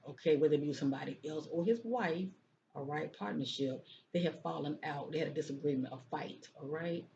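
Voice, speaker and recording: The voice is mid-range, creaky, and darkish: a psychic reader casually going through tarot cards. Along the way come many repeated phrases and "okay?" check-ins, recorded with a dull lo-fi quality and faint noise.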